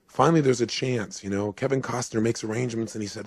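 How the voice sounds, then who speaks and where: A man giving a motivational speech, retelling a story dramatically, swinging from hushed to urgent. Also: medium pitch, fairly even intonation, quick pace, creaky, few pauses, no room sound, studio quality. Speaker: motivational speaker.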